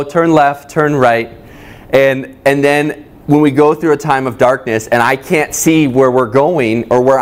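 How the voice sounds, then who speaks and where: A male pastor preaching to his congregation in a plain, conversational way. His voice sits at an ordinary middle pitch, and he speaks straight to the people in front of him and to those watching online. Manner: conversational, addresses listeners directly. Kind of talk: sermon. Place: church service, streamed online.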